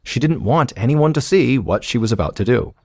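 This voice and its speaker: Male podcast narrator, deep fry-edged voice, measured suspense, dry studio sound. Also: dry recording. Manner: steady, suspenseful storytelling. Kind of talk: scripted true-crime narration.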